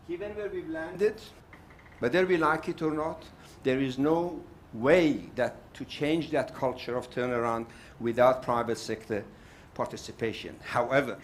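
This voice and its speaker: With a little hiss or hum in the background, an older man from South Africa speaks out passionately at a summit panel, repeating his arguments for emphasis. His pitch is fairly high.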